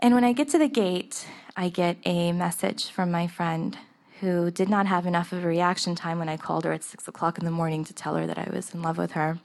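A woman's voice: fairly low pitch, darkish tone. A young woman telling a personal story in the first person, earnest and emotional, laughing at times. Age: young adult.

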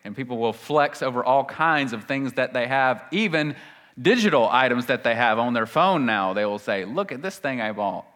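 A man preaching a sermon, emphatic, swinging between loud declarations and hushed asides, reading scripture with dramatic weight. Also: mid-range voice, animated, normal speed.

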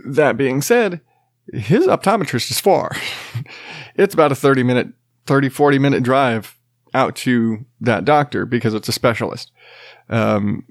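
A tired man in his thirties, a podcast host and father, leads a casual chat in a voice of ordinary male pitch, rambling and cutting himself off while laughing and swearing offhandedly. He's miked closely in a dry, dead space with no echo.

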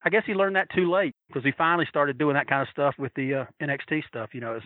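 A man telling a story in a casual, animated way, swearing freely and acting out the voices of the people he quotes. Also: fairly high pitch, fast, no room sound, narrow, tinny audio. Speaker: storyteller recalling wrestling fan days.

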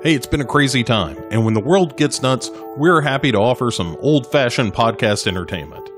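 A man reads a scripted appeal for a podcast network in a friendly, conversational tone, his pitch moving in a lively way. Music plays clearly behind his voice throughout. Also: fairly quick. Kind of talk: scripted promo read.

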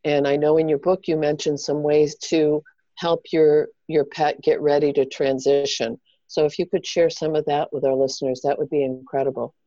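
Woman podcast host, low mellow voice, stops and restarts a lot, dull dry sound. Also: little pitch movement, no room sound. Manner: halting, restarts words. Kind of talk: interviewing a guest.

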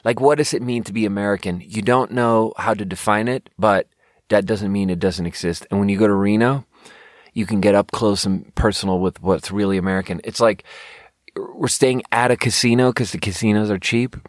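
Speaking fairly quickly at a fairly low pitch, a young man hosts a casual talk show, reviewing sparkling water in a monologue. The sound is dry and clean, studio quality. He rambles, jokes, and curses freely as he tells his stories.

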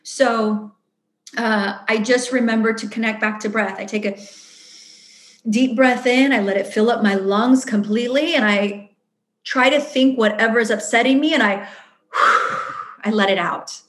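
A woman's voice: fairly high pitch, normal speed, roomy sound. A woman leading a workshop, answering audience questions in a chatty, earnest way and acting out her own inner voice. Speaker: workshop facilitator. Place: event room.

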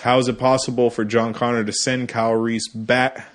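A man co-hosting a casual movie review podcast, rambling through the plot and now and then slipping into quick silly voices for the characters. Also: medium pitch, level tone. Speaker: podcast co-host.

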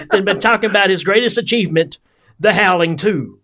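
A man hosting a movie podcast, chatting casually in an excitable, giggly, rambling way. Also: sits high, a little fast. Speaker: podcast host.

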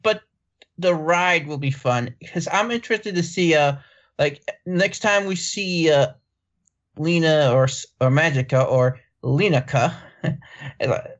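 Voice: mid-range voice, a little slow, lo-fi sound. A co-host in a casual cartoon review chat, rambling with many "like"s and "um"s. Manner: rambling, lots of "like" and "um". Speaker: podcast co-host.

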